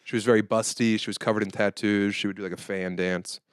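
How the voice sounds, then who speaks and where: Comedian guest, thirties, low smooth voice, dry studio sound, animated storyteller who slips into character voices. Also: male voice, fast talker, dry recording. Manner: animated storyteller, acts out the people he quotes in high or low voices. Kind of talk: casual podcast chat, storytelling.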